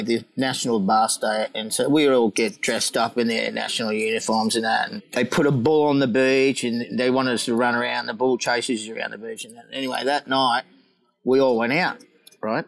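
A man's voice: mid-range voice, vocal fry, low-quality recording. Laughing man telling surf stories. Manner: laughing storyteller, acts out quotes. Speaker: guest, former pro surfer. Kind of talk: casual anecdote telling.

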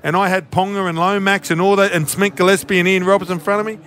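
A man's voice: sits high, quick pace, slight background noise. An Australian man, a former player turned commentator, talking bluntly in casual sports radio banter. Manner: blunt, animated, peppers talk with "mate". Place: radio studio.

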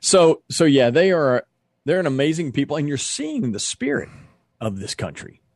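A man, a ministry leader and guest, telling stories with earnest, animated energy in an interview. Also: fairly high pitch, normal speed, dry recording, studio quality. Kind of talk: storytelling interview.

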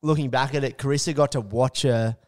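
A man's voice: medium pitch, fairly even intonation, brisk. An Australian man co-hosting a sports podcast, talking casually and rambling with lots of fillers. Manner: rambling, lots of fillers, drops quieter when musing. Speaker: co-host.

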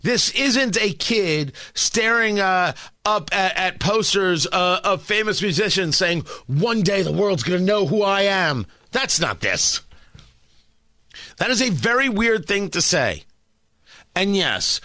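A man hosting an opinionated talk radio commentary, emphatic and animated, with hesitant fillers. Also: high-pitched, no room sound.

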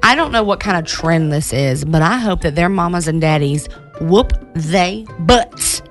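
A woman's voice: lowish voice, lively intonation, measured pace, faint music behind. A woman co-hosting a casual radio show, blunt, scolding and sassy. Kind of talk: casual morning show chat.

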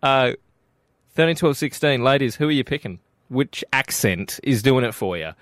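A man with an Australian accent, hosting breakfast radio in jokey, animated banter. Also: medium pitch, moderate pace, no room sound, studio quality. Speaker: radio host. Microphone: studio mic.

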